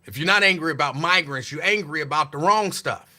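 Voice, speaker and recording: A man's voice: on the high side, a little fast, pushed and bright. A man hosting a show, talking in casual commentary with a sarcastic, repetitive, preachy delivery. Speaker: host.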